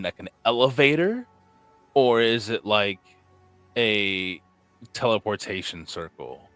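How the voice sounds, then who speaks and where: A man's voice: sits low, fairly bright tone, clear, resonant tone. A man playing a tabletop game, rambling casually as he thinks aloud about his character's next move, filling his speech with "like" and "okay.". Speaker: player.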